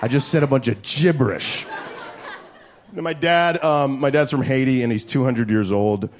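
A man doing a stand-up set, brash and profane, shouting his punchlines on a handheld stage mic. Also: medium pitch, moderate pace. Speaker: stand-up comedian. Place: comedy club stage. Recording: crowd laughter, noisy club. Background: laughing crowd.

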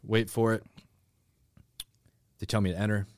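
A man's voice: on the low side, level tone, moderate pace, noisy background. A man co-hosting a podcast, teasing his friend and explaining things step by step for listeners. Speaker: podcast co-host. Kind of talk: casual storytelling chat.

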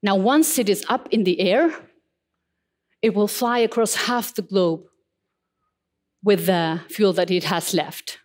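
A woman's voice: medium pitch, takes it slowly, pauses often, darkish tone. A woman in her forties giving a motivational keynote talk, telling stories and putting questions to the audience with emphasis. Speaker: motivational speaker.

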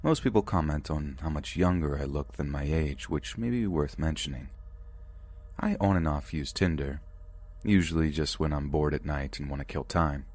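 His voice is very deep as he reads listener-submitted true scary stories aloud, first person, in the steady and measured manner of a podcast narrator.

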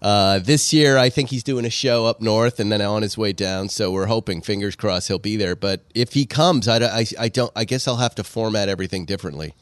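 A man hosting a podcast, talking in a rambling, animated way and laughing often. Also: lowish voice, fairly quick, hardly any pauses, no room sound. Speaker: podcast host. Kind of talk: casual chat. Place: outdoor patio.

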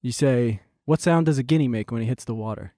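A man's voice: mid-range voice, quick pace, mellow, no room sound, studio quality. A man from New Jersey co-hosting a podcast, easygoing and wry in casual chat. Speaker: podcast co-host.

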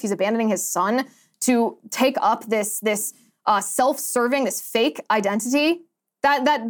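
A young adult woman hosts a political commentary show in a slightly high voice. She talks emphatically, stacking up indignant rhetorical questions. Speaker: host.

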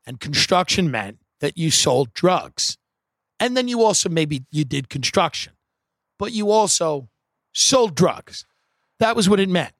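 A man's voice: on the high side, very animated, a little slow, a bit bright, dry recording, studio quality. A man doing stand-up, telling a rambling story in a wry, profane way with many asides. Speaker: comedian.

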